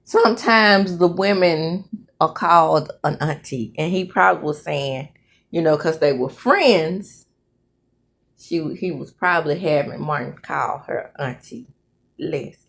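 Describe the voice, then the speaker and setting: A woman talks through a soap opera recap at an unhurried, drawn-out pace. She is dramatic, laughs often and breaks into the characters' voices. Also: sits low, creaky, fairly bright tone. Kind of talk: casual recap with acted-out quotes.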